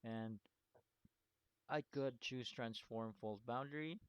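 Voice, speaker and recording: In a screen-recorded lesson, a man with a clear, resonant, medium-pitched voice walks slowly through each step. He repeats himself often, pauses to ask "okay?" and "right?" to check understanding, and chuckles at his own slips.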